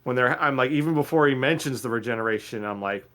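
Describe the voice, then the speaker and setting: A man's voice: mid-range voice, quick pace, fairly bright tone. A man co-hosting a casual podcast chat, rambling with lots of fillers and restarts and laughing easily. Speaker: podcast co-host.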